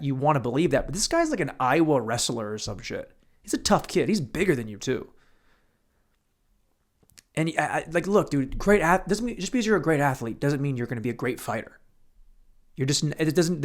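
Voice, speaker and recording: A young man hosting a solo podcast from a room at home, rambling crudely and mocking himself, swearing freely as he talks to no one. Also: fairly high pitch. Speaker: podcast host.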